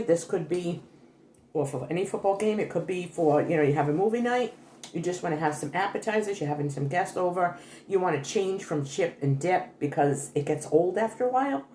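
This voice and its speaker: Grandma type lady doing a cooking vlog, kinda low voice, chatty, roomy kitchen sound. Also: mellow, slight background noise. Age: older. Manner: chatty, homey, self-correcting. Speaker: cooking vlogger. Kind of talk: casual cooking demonstration. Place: home kitchen.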